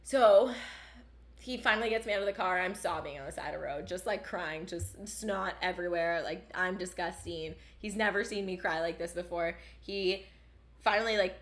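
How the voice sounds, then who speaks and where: A young woman from Canada telling a story in casual chat, animated and full of swearing and "like" fillers. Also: fairly low pitch, normal speed. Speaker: storyteller guest.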